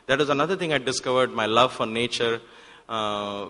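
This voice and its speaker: A man, telling a personal story in a talk at a devotional center and acting out the exchanges in sudden loud bursts. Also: mid-range voice, normal speed. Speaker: guest speaker at a spiritual center. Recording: long hall reverb.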